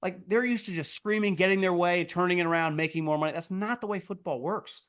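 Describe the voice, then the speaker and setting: A man's voice: quick pace, clear, resonant tone. A man hosting a sports podcast, riffing in a blunt, profane, casual monologue full of "like" and restarts. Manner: jumps to loud, high mocking outbursts.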